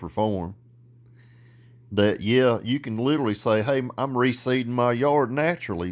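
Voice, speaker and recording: A man with a Southern US accent ranting in a vlog, boastful and profane, growing loud and worked up. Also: on the low side. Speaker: vlogger.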